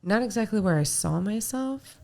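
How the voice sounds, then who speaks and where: A woman co-hosting a casual podcast, talking in a calm, self-assured way. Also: mid-range voice, moderate pace, vocal fry. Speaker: podcast co-host. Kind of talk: casual chat.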